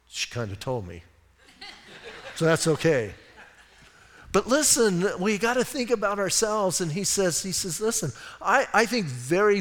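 A man's voice: a little high, big-room sound. A man preaching a sermon as pastor, conversational and self-deprecating, telling funny stories about himself. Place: church sanctuary.

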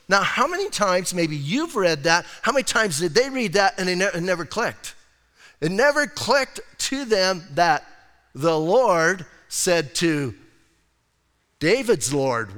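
Animated pastor preaching in an echoing hall. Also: male voice, high-pitched, measured pace. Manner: conversational, animated preaching with acted-out quotes. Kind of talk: sermon.

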